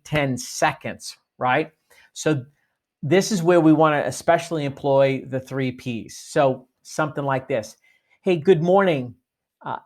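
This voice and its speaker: A man giving a sales training talk, coaching listeners and acting out sample phone greetings. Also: on the high side. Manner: coaching, demonstrates phone lines.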